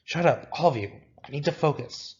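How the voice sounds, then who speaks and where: A man's voice: on the low side, steady tone, moderate pace, highs cut off, close to an everyday voice. A man voicing a bossy, focused young woman who talks curtly and commandingly. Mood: snapping. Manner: curt and commanding.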